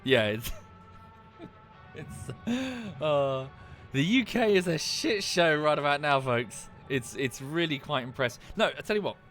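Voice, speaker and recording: A man's voice: on the high side, expressive, measured pace, fairly bright tone. A British man streaming a game, talking casually while he plays and rambling with lots of swearing and restarts. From United Kingdom. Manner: rambling, sweary, self-interrupting. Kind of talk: casual gameplay commentary and chat. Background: music.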